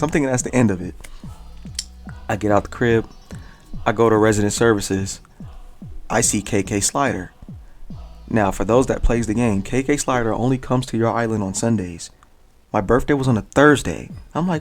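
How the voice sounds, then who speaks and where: A man's voice: fairly low pitch, fairly even intonation, normal speed, darkish tone, faint music behind. Young male gaming vlogger, casual and hyped, heavy slang, lots of repeated words for emphasis. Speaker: gaming YouTuber, host. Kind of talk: casual enthusiastic storytelling to camera.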